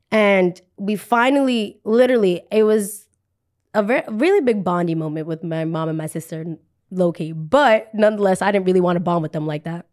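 A young woman with a medium-pitched, slightly mellow voice hosts a podcast and tells a personal story. She's casual and chatty, repeats phrases for emphasis, and says "like" a lot.

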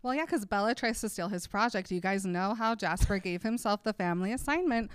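A woman with a smooth, clean voice chats through a story recap, often breaking into laughter as she acts out little quoted lines. The recording is close and dry, with no room sound around her. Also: mid-range voice, a little fast, dry recording. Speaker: podcast co-host. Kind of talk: casual chat retelling a book.

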